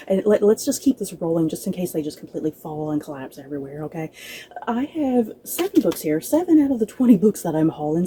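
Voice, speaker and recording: A woman's voice: fairly low pitch, warm tone, a little hiss or hum, rough recording. A woman chatting casually to her viewers as a book vlogger, out of breath, laughing often and restarting her words. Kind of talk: casual chat to camera.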